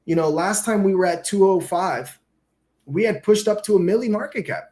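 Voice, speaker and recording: Slangy, high-voiced male stream host. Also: lively intonation, moderate pace, a little mellow. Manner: loose, slangy, swears often. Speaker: livestream host. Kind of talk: casual livestream chat.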